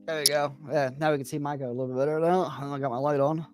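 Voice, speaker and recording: A man's voice: fast, soft background music. A man co-hosting a casual talk show, grumbling and cynical, often swearing in short replies. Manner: grumbling, cynical, lively swings in pitch. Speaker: podcast co-host.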